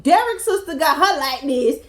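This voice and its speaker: Young female vlogger, high and very animated, profane and laughing, casual reaction commentary. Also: normal speed.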